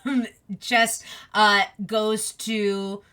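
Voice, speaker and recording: Woman running a tabletop game, bright voice, slow and rambly, lots of ums and likes. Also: medium pitch, clear, resonant tone. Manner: relaxed and meandering, with many fillers. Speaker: game master.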